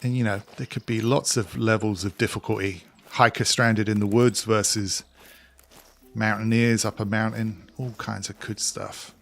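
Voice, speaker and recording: Male streamer, low gravelly voice, English-Scottish accent, easygoing chat with viewers. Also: little pitch movement, normal speed. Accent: mix of English and Scottish. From England. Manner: chatty, reads out and answers chat while playing. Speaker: game streamer.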